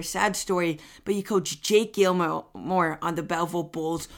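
A young man hosting a podcast, asking his guest questions in a relaxed, conversational way. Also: high-pitched, vocal fry. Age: young adult. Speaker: podcast host. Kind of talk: casual interview questions.

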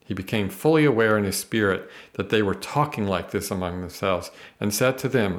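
A man's voice: on the low side, a little fast, few pauses. A man teaching the Bible on a podcast, earnest and emphatic, reading verses aloud and explaining them.

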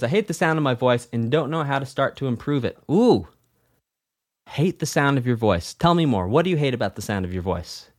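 A man coaching music students in an energetic, repetitive way, giving casual advice and telling stories. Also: a little high. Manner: energetic, repetitive, storytelling with acted quotes.

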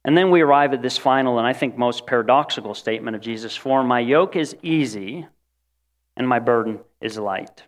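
Delivering a lively sermon, a man performs the voices of those he quotes, speaking a bit fast in a mid-range voice.

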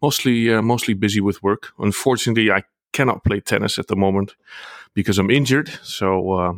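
A man from the Netherlands co-hosting a podcast, relaxed and good-humoured with lots of fillers. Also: on the low side, a little fast, dry recording, studio quality. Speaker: podcast co-host. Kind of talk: casual chat.

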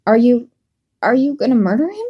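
Woman doing a tipsy stubborn young woman, pouty and snappy, pitched up high. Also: animated, slow, muffled recording. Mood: drunk petulant.

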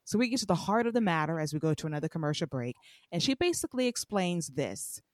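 Blunt, animated woman with a low voice. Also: fast talker, no echo, clean studio sound. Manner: animated, blunt, acts out quoted lines. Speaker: podcast co-host. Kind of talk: casual recap of a TV show.

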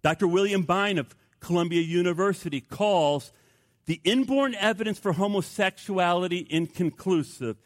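An older man, a pastor, preaching a sermon with animated storytelling that swings between loud emphasis and hushed, quiet passages. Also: high voice, moderate pace, no echo.

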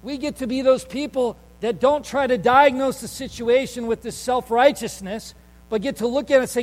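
A man preaching a sermon with a notably high voice. He tells his story conversationally, with fillers and restarts, then leans in with emphasis. His voice rings out with a long tail of reverb, as if spoken in a large sanctuary. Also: moderate pace. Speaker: pastor.

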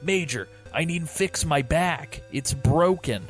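A man's voice: a little high, unhurried, creaky, soft background music, voice pushed up. A man voicing a hapless male soldier with a broken back, whimpering and pleading in broken English.

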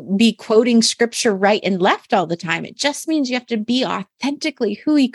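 A woman's voice: mid-range voice, a little mellow, no room sound. A woman hosting a faith-based business podcast, speaking earnestly and from the heart, often restarting her sentences. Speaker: podcast host.

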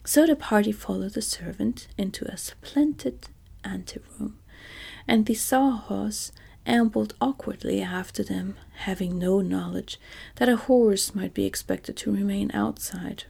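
Breathy whispering woman storyteller. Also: medium pitch, unhurried. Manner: soft, even storybook reading. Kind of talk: whispered role-play.

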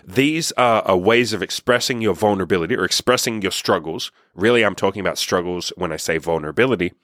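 A man's voice: low-pitched, fast, fairly bright tone, dry recording, clean studio sound. A young man hosting a podcast, giving a blunt, emphatic motivational monologue with casual swearing. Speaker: podcast host.

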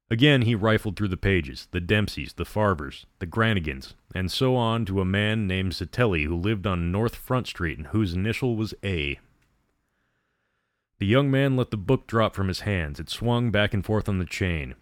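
A man narrating a story in a measured, dramatic reading. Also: low-pitched, expressive, no room sound, clean studio sound.

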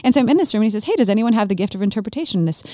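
Speaking fast in a warm, low voice, a woman in her forties tells the personal story of her faith as a guest, chatting as if in conversation. She livens up and keeps slipping into brief acted-out asides voicing what she thought back then. The audio is dry and close-miked, with no sense of the room around her.

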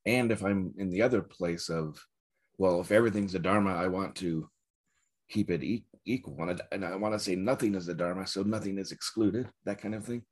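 A man giving a dharma talk as a Zen teacher, reflective and searching, with soft laughs. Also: sits low, fairly quick, breathy edge.

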